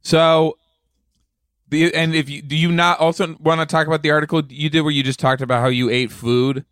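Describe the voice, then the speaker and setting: A man's voice: a little high, little pitch movement, fairly quick, fairly bright tone, clean tone, no room sound, studio quality. A man co-hosting a comedy podcast, telling stories playfully, with lots of filler words. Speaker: podcast co-host.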